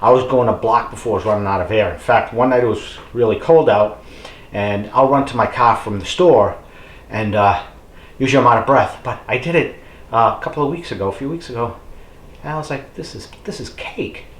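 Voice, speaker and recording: Speaking briskly in a mid-range voice, a middle-aged man who makes fitness videos gives a casual motivational talk to camera. He rambles and uses many fillers, urging on the "folks" watching, and the room sounds reverberant.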